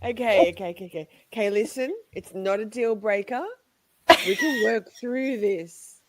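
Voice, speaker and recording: A woman's voice: mid-range voice, normal speed. A woman delivering a comedic rant with mock-dramatic, exaggerated outrage.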